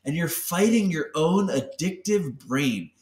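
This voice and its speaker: Co-hosting a laid-back podcast, this man talks openly and with lots of energy, cursing freely and acting out the voices in his head. His voice is slightly high and unhurried, with a roomy sound from a distant mic.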